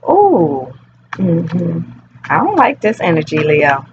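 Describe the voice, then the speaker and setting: A woman's voice: lowish voice, huge pitch swings, slow pace, noisy background. Woman tarot reader, casual rambling vlog delivery, dull lo-fi recording with faint background ambience. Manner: chatty, rambling, playful.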